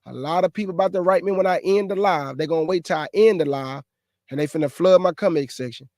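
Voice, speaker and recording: Man, high voice, dry close sound, livestream host preaching casually, lively and exasperated, talks right to the viewers. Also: fast talker, dry recording. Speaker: host of a live show.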